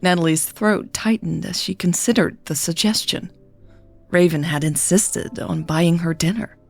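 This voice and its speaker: Low, gravelly woman reading a story. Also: a little slow, faint music behind. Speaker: podcast host and narrator. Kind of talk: reading a romance story aloud.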